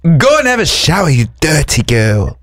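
A man putting on a Swedish accent, playing a man eating while assembling flat-pack furniture. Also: fairly high pitch, normal speed, a little hiss or hum. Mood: playful. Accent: Swedish, put on.

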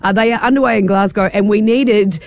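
A woman's voice: medium pitch, a little fast, a little hiss or hum. A woman with a New Zealand accent hosting a drive-time radio show, bantering playfully. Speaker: radio host. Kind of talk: casual radio chat.

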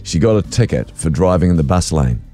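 Deep lively New man. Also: brisk, soft background music. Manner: animated storyteller, laughs easily. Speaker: radio co-host. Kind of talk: casual radio chat.

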